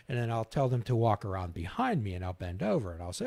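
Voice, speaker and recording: A man's voice: fairly low pitch, sing-song, a little fast, vocal fry, hardly any pauses, a little mellow, no echo. A man hosting a talk show, making his points with homespun anecdotes in a conversational way. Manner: folksy, illustrates points with anecdotes. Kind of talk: conversational interview, storytelling.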